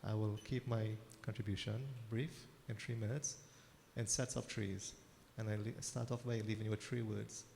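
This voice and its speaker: A man, a pandit giving a measured, formal address at a temple service. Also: lowish voice, level tone, vocal fry, a little mellow. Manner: measured, orderly, counts points in threes. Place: temple hall. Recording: reverberant temple hall, faint noise.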